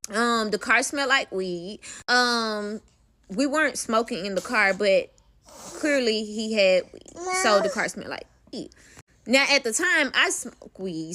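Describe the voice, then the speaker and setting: A woman's voice: a little high, sharp tone. A young woman telling a personal story in a casual vlog, candid and profane, calling the listener "baby".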